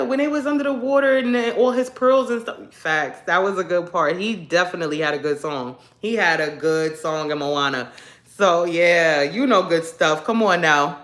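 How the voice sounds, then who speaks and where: A woman's voice: fairly low pitch, moderate pace, a bit bright, reverberant. A woman hosting a casual livestream who tells rambling stories, laughs often, and sounds congested. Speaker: livestream host. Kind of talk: casual chat with viewers.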